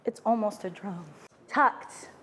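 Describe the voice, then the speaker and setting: A woman's voice: medium pitch, slow, sharp tone, in a large hall, slight background noise. A woman chatting playfully while she cooks, joking and rambling through asides. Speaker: home cook vlogger. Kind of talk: casual cooking vlog chat.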